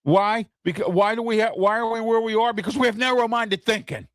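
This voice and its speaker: A man's voice: high voice, steady tone, fairly quick, a bit bright, no room sound, studio quality. Fired-up man hosting an opinion show. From United States. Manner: heated, repetitive, keeps asking "okay?". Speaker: talk show host. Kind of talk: opinion talk show monologue.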